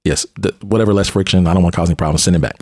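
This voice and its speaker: Deep-voiced man telling a story. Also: very fast, dry recording, clean studio sound. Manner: animated, repeats and restarts phrases. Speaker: host, police officer and mentor. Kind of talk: casual conversational storytelling.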